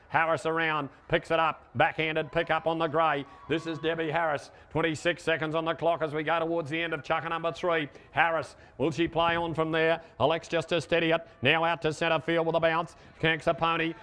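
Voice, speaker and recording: A man giving live play-by-play commentary on a horseback ball game, calling names quickly with fillers and rising to shouts at goals. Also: fairly high pitch. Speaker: sports commentator.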